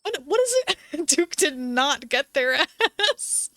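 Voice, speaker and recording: A woman's voice: high-pitched, sing-song, takes it slowly, bright, forceful tone, no room sound. A woman streamer playing a story game, reading its text aloud with playful asides. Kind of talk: let's-play narration reading a visual novel aloud.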